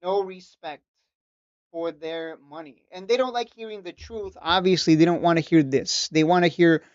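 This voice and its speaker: With a slightly mellow, clean voice on the high side, a man talks at a moderate pace, no echo, in a dull, somewhat lo-fi dry recording. He coaches stock traders and hosts a channel, ranting casually, preaching, mocking, repeating himself, and starting sentences over.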